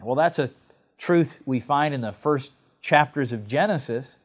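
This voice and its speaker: A man from England preaching a sermon to other pastors, with emphatic stresses and slow, drawn-out phrases. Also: medium pitch.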